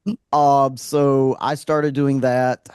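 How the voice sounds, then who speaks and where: A man's voice: mid-range voice, level tone, slow pace, darkish tone, clean tone, no room sound. Thirtysomething guy rambling on a podcast, lots of ums, dry close sound. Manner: rambling, many fillers and restarts. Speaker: guest, wrestling ring announcer and commentator. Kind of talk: casual podcast chat.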